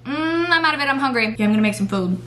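A woman's voice: sits high, animated, very fast, noisy background. A young woman vlogging casually at home at night, rambling with lots of fillers and the odd swear word. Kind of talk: casual vlog chat.

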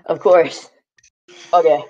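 A man's voice: a little high, darkish tone. A man from California, a guest rapper chatting loosely, laughing and swearing, short of breath after rapping. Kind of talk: casual chat between freestyles. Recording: dull lo-fi mic with faint hiss.

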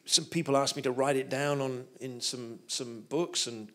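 Preacher, lively storytelling. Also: male voice, mid-range voice, normal speed. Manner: humorous, animated storytelling. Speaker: guest preacher. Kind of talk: storytelling sermon.

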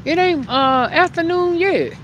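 A woman's voice: very high voice, a little slow, noisy background. Chatty woman vlogging at home. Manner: chatty, animated, talks straight to the camera. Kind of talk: casual chat to viewers. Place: at home, then outdoors on the porch.

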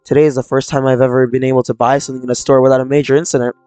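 Man voicing troubled young person, visual novel reading, quiet confessional delivery, faint game music behind. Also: medium pitch, little pitch movement, rapid-fire, smooth, dry recording, close to an everyday voice. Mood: subdued. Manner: reading game lines aloud, subdued and confessional. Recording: dry close mic, faint game music.

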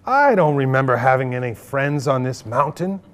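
A man voicing a grumpy, hungry old male wolf who is hard of hearing, grumbling gruffly while reading a children's storybook aloud in a library. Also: mid-range voice, expressive, normal speed, fairly bright tone, natural voice. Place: public library, live audience of children.

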